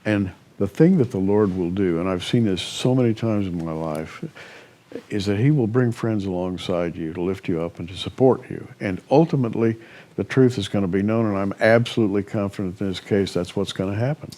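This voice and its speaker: Male co-host, low voice, calm and faith-filled, reassuring delivery. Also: a little fast. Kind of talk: casual talk.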